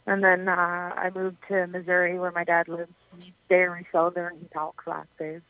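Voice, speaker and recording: A woman's voice: lowish voice, completely flat delivery, normal speed, pushed and bright, no room sound, low-quality recording. A young adult woman from Canada, a singer being interviewed, chatting casually and laughing often. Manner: giggly, talkative. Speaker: singer guest.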